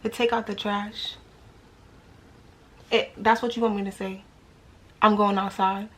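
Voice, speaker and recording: A woman's voice: mid-range voice, level tone, measured pace, fairly bright tone. A young woman with a New York accent telling a dating story casually to her viewers, slangy and full of rhetorical questions.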